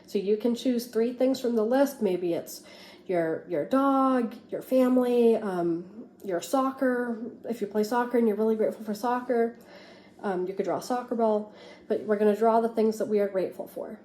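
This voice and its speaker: A woman teacher reading a picture book aloud to a class with expressive, lively storytelling, then explaining an activity. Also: a little high, moderate pace, reverberant.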